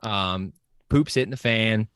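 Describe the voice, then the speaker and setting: Excitable man, slightly low voice. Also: clear, resonant tone, dry recording, studio quality. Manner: excited, fast-running enthusiasm with many fillers. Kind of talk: casual podcast chat.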